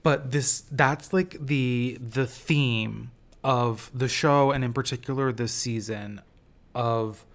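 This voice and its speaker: A man hosting a casual solo review podcast, talking in an amused, enthusiastic way with lots of fillers and restarts. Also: medium pitch. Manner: chatty, rambling with many fillers and restarts. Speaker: TV critic podcast host.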